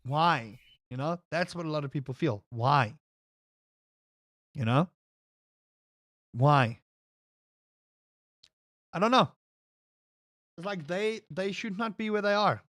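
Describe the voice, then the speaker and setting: A man streaming a game while he rants, throwing out rhetorical questions and pushing his voice up high when he gets worked up. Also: expressive, slow, pauses often, a bit bright, dry recording, studio quality. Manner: ranting, piles up rhetorical questions. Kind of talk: casual rant while gaming.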